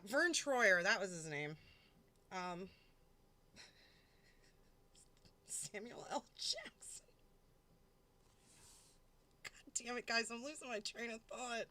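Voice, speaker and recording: A woman hosts a live stream in a loose, rambling chat, cursing freely and giggling as she goes. Her voice is bright and forward, and she takes her time with each phrase. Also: medium pitch. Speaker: livestream host.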